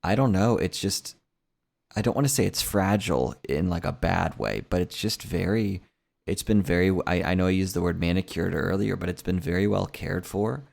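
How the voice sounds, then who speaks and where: A man's voice: low voice, moderate pace, creaky, a little mellow. A man in a casual podcast conversation, talking hesitantly and searching for words. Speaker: podcast co-host.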